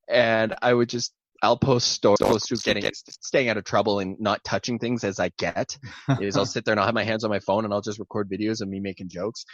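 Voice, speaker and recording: A man in his thirties with a lowish voice tells stories packed with puns, chuckling along. The recording is dull and lo-fi, with a dry, close sound. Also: a bit bright, dry recording. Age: 30s. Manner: punning joker, chuckling through stories. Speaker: podcast co-host. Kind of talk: casual chat.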